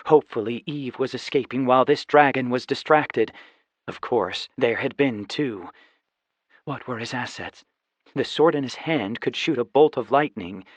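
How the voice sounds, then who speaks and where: A man narrating a fantasy audiobook in steady, scripted storytelling. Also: medium pitch, measured pace, no echo. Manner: even, steady storytelling with voiced dialogue. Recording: slightly dull, dry studio recording.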